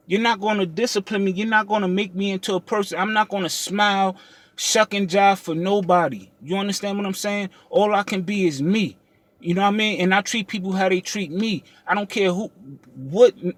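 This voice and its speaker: Heated high-voiced man ranting on camera. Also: fairly bright tone, dry recording. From United States. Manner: heated and confrontational, many restarts and repeated "you understand what I'm saying". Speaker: trucking vlogger. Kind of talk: unscripted vlog rant.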